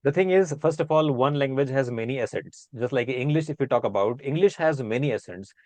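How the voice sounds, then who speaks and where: A man's voice: mid-range voice, lively intonation, brisk, a little mellow, no room sound. A man with an Indian accent, chatting casually as a guest and explaining pronunciation by repeating example words aloud.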